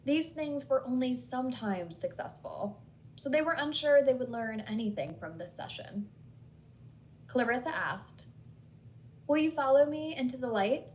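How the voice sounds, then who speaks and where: A woman host narrating a ghost story in a steady, measured way. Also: a little high, a little hiss or hum, rough recording. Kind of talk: scripted horror story narration.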